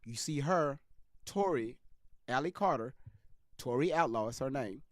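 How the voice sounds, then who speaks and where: A man's voice: mid-range voice, lively intonation, measured pace, no echo, clean studio sound. Emphatic man talking to his live viewers. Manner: emphatic, repeats himself, keeps addressing viewers directly. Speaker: live stream commentator. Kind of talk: live stream commentary.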